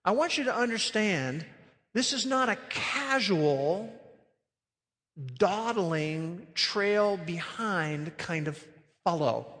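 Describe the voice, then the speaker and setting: A man's voice: sits high, lively intonation, slow pace, fairly bright tone, big-room sound. A man preaching a sermon as pastor, earnest and emphatic, stretching out key phrases.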